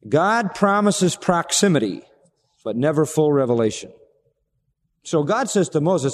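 A man preaching a sermon, swinging dramatically between loud, raised passages and hushed, low ones. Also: animated, measured pace. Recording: long reverb of a large hall.

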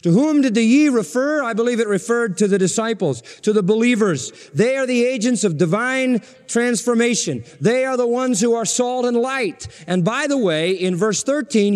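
A male pastor preaching in a high, ringing voice, hammering each point home through repetition. His words trail off into a long, echoing reverb, the way a sanctuary sounds. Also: expressive, moderate pace, hardly any pauses. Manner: emphatic, repeats phrases for stress. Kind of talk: sermon.

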